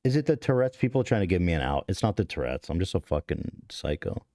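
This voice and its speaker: A man hosting a podcast talks quickly in a low, warm voice with big pitch swings, recorded with studio quality and no echo. It's casual confessional talk: he rambles through a story, cursing, mocking himself and restarting many times.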